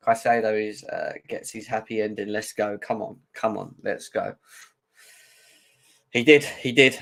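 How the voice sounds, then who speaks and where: A man hosting a casual fan livestream, talking excitedly and greeting chat viewers by name. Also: mid-range voice. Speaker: livestream host.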